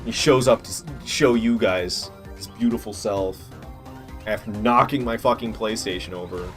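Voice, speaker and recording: This game streamer speaks at a moderate pace in a lowish voice while faint game music plays behind him. His talk is casual, full of swearing, and excitable as he reacts and wanders from thought to thought.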